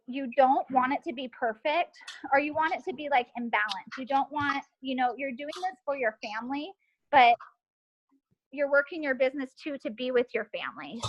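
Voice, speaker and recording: A woman's voice: high voice, highs cut off. A woman in her thirties and mother of four, talking casually and upbeat to her team on a group call, with many fillers. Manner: chatty, upbeat, filler-heavy. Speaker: team leader.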